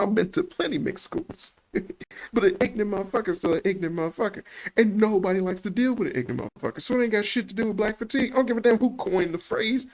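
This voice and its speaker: Chicago-accented male commentator, gravelly, lively pitch, swears and laughs a lot. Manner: animated, laughs often, heavy swearing. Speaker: YouTube commentator. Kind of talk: profane reaction commentary.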